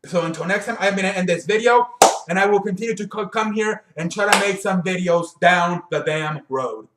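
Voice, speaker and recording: A man's voice: sits high, steady tone, brisk, reverberant, very noisy. Breathless, profane man ranting about sports. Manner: blunt, profane, rambling with restarts. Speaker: sports show host. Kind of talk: casual sports rant to camera.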